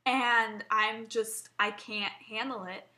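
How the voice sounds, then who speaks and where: Young woman ranting, bright voice. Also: a little high, fairly even intonation, takes it slowly. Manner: rambling, frequent swearing, stumbling restarts. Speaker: vlogger. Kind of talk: emotional personal rant to camera.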